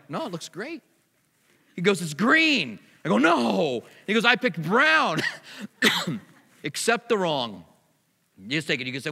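A man's voice: medium pitch, sharp tone. A middle-aged man preaching a sermon as pastor, in a conversational way with personal stories, in a church hall.

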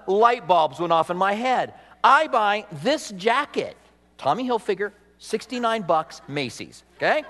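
A male pastor preaches in a chatty, self-deprecating way, breaking into laughs at himself. His voice sits high for a man. It echoes with the long reverb of a large church hall. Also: fairly bright tone. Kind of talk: sermon.

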